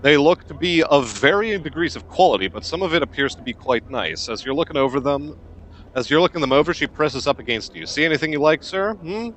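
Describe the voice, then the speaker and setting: A man playing a role-playing game, reading its text aloud with low-key remarks. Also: expressive, a little fast, fairly bright tone, a little hiss or hum. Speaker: let's player.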